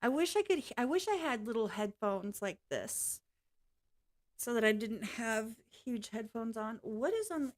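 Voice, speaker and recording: A woman's voice: a little high, big pitch swings, measured pace. A woman vlogging in a casual, rambling way, apologizing often and swearing now and then. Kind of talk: casual reaction vlog chat.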